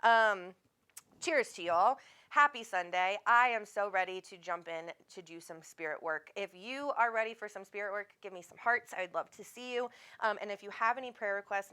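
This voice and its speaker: A woman's voice: mid-range voice, sharp tone. Chatty woman hosting a live stream. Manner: chatty, laughs often, swears casually. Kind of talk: casual live-stream chat reading comments.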